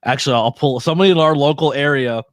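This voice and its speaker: A man of middle pitch jokes his way through a wrestling podcast, tossing in quick asides and breaking into laughter. His voice sits close and dry on the mic. He talks plainly and easily. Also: no echo. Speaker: podcast co-host. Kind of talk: casual wrestling chat.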